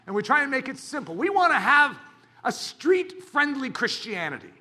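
A man preaching a sermon as a pastor, talking in an animated, dramatic way with bursts of shouting. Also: very high voice, normal speed.

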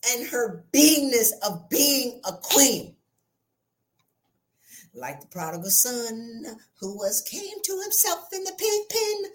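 A woman's voice: high-pitched, a bit bright. A woman hosting a podcast, giving a passionate, preacherly motivational talk into a close microphone. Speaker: podcast host.

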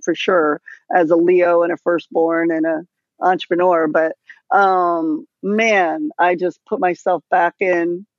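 A woman in her forties, a podcast guest telling a personal story in a casual, animated way with lively asides. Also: on the low side, no room sound. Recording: dull dry lo-fi sound.

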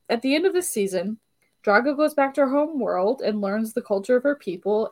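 Young female podcast co-host, slightly high voice, conversational and giggly. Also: a little mellow. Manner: chatty, retells scenes, laughs often. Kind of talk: casual chat.

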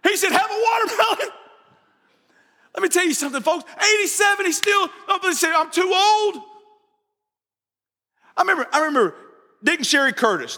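A man preaching a sermon, telling stories with lots of repetition and shouting some words for emphasis. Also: extremely high pitch. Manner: animated storytelling, repeats phrases, shouts for emphasis. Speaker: pastor. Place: church sanctuary. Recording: long hall reverb from the sanctuary.

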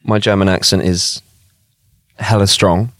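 A man's voice: low-pitched, measured pace, no room sound, studio quality. A British man hosting a podcast outdoors, joking and spinning silly stories in a casual way. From United Kingdom. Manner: jokey, tells tall tales deadpan. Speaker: podcast host. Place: outdoors on a hillside.

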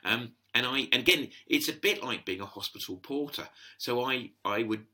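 A man, chatting as an interview guest and telling stories, animated and quick to laugh, often acting out the voices of people he quotes. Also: mid-range voice. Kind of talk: casual storytelling interview.

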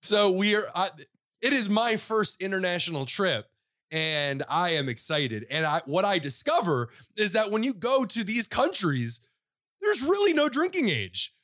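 A man with a high, very lively voice that swoops up and down as he tells a story on a podcast. He chats casually, teases, and laughs easily. The sound is dry and close. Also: a little slow, no room sound. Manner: animated, laughs often, teasing. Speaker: podcast co-host.

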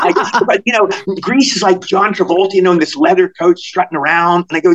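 A man in his sixties from Maryland, a guest actor telling stories in a podcast interview, talking fast and excitedly, repeating words and restarting his sentences. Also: high voice. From Cumberland, Maryland. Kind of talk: animated storytelling in a podcast interview.

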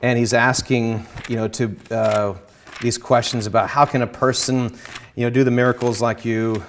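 An earnest man speaking as a Christian guest explains his faith in conversation, quoting scripture as he goes. His medium-pitched, flat delivery is measured, with frequent pauses and restarts, and he draws out key phrases for emphasis. There's slight background noise.

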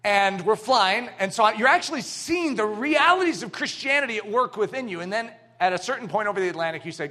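Animated high-voiced male preacher. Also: fairly quick, hardly any pauses. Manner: animated storytelling, acting out little scenes; swings from loud emphatic to hushed. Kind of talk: sermon.

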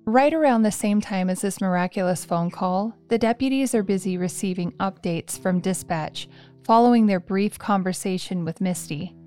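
A woman narrating a true crime podcast in a calm, measured scripted read. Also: medium pitch, faint music behind.

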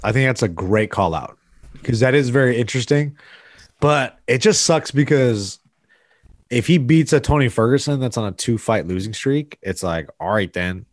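A man's voice: mid-range voice, expressive, moderate pace, no echo, clean studio sound. A young man co-hosting a casual podcast chat, easygoing and bantering, breaking down fights in detail. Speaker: co-host, former amateur fighter.

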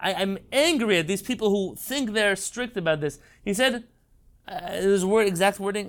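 A man's voice: high voice, a little fast. A man giving an impassioned Torah lecture, emphatic and rhetorical. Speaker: rabbi.

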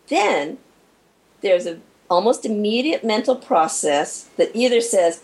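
A woman guest in an interview, explaining in a lively way and acting out small quoted moments as she goes. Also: medium pitch, a little slow, breathy edge, rough recording. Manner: animated, acts out little scenes with quoted inner voices. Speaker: guest expert on shock and recovery.

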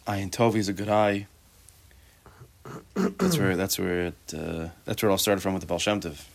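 A man with a somewhat low voice leads a Torah class. He talks to his students in a loose, conversational way. He drops Hebrew terms into his English, asks rhetorical questions and makes joking asides. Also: lively intonation, normal speed, vocal fry, pauses often. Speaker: Torah teacher.

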